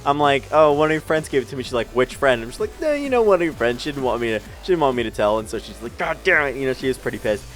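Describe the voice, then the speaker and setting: Young male vlogger, quick and rambling, self-mocking and profane, low game music underneath. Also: very animated. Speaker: gaming channel storyteller. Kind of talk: storytime commentary over gameplay.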